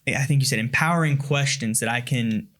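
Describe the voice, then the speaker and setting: Male co-host, mid-pitched, casual, self-deprecating, joking. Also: brisk, fairly bright tone. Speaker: podcast co-host. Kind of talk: casual podcast interview.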